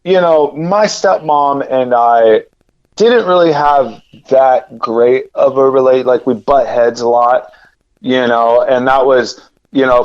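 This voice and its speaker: A man telling a personal story as a podcast guest, rambling and animated, with lots of fillers and repeated words. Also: medium pitch, highs cut off. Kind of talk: casual storytelling.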